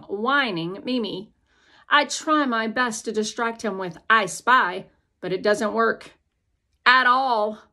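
A woman's voice: mid-range voice, pushed and bright. A woman reading an audiobook aloud in the first person, speaking as a young girl telling her own story. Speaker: audiobook narrator.

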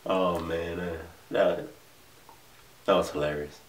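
A man's voice: low voice, fairly even intonation, slow, a little hiss or hum. A young man hosting a casual reaction vlog, talking in slang, swearing and laughing. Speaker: reaction video host. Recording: echoey room, distant mic.

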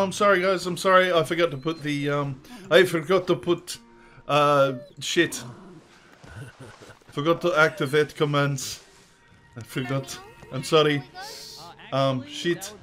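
A man's voice: on the high side, a little slow, long pauses, fairly bright tone, faint music behind. A man streaming a video game, giving casual commentary in a joking, crude, rambling way.

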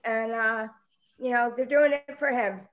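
Hockey mom in her 40s on a video call, heartfelt and a bit halting, voice on the high side. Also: fairly even intonation. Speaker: hockey mom sharing a memory. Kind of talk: casual memorial tribute on a video call.

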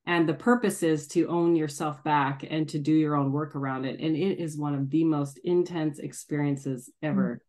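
Low-pitched female host, reflective and relaxed, casual group talk. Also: moderate pace, hardly any pauses. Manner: reflective, laughs easily.

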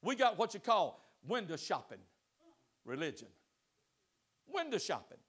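A man preaching a sermon to his congregation, swinging between loud exhortation and soft pleading and asking them direct questions. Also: high voice, very animated, measured pace, husky. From United States. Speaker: pastor. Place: church sanctuary.

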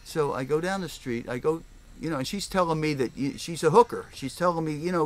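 A man's voice: fairly high pitch, brisk. An older man, a record store owner telling rambling stories in a casual interview, often acting out the voices of people he quotes. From Philadelphia area, US. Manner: animated, rambling, acts out voices. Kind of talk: casual storytelling.

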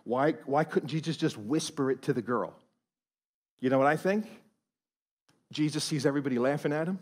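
A man, a pastor, preaching a sermon in a church, animated and swinging from hushed tones to loud emphasis. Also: fairly high pitch, normal speed. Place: church auditorium.

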